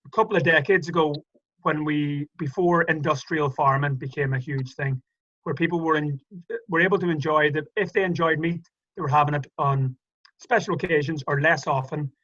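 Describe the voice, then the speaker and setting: An Irish man tells stories in a loose, chatty way, stopping and restarting his sentences as he goes. His voice is bright and a little high. The audio is muffled and lo-fi, like a remote call. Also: steady tone, moderate pace. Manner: chatty, hesitant storyteller with many restarts. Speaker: guest. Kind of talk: casual conversational interview.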